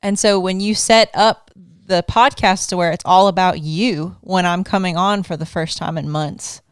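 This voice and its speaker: A woman guest on a podcast in casual chat, teasing and animated as she tells a story into a studio microphone. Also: on the low side, normal speed, smooth, no room sound.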